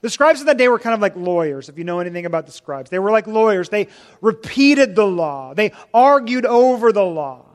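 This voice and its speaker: A man preaching a sermon as pastor, swinging from loud emphatic lines to hushed quiet ones. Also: high voice, very animated, brisk, big-room sound.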